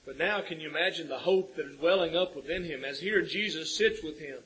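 A man delivers a sermon in a husky, slightly high voice. He talks earnestly and climbs to emphatic peaks as he drives each point home. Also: brisk, fairly bright tone, low-quality recording. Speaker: preacher.

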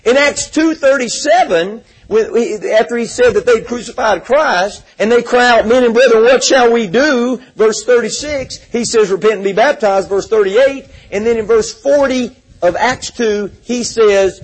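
Male preacher, high husky voice, emphatic sermon delivery with scripture readings. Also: moderate pace, hardly any pauses, rough recording. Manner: emphatic, repeats words, reads scripture aloud.

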